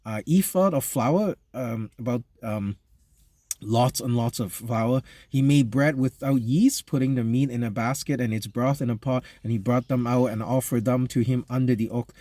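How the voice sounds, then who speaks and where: Pastor, male, mellow tone, dry close sound, chatty sermon full of ums and restarts. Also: mid-range voice, dry recording. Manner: conversational, halting with many fillers and restarts. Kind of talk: sermon reading scripture and explaining it.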